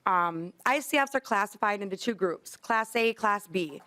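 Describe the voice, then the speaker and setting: A woman's voice: medium pitch, lively intonation, normal speed, sharp tone. A woman, a facility administrator, gives earnest, apologetic testimony to a legislative committee.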